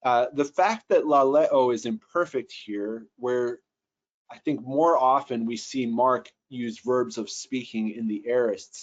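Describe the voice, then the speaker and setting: A man's voice: mid-range voice, muffled recording. A man teaching Greek translation notes, thinking aloud with frequent restarts and fillers. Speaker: Bible software trainer.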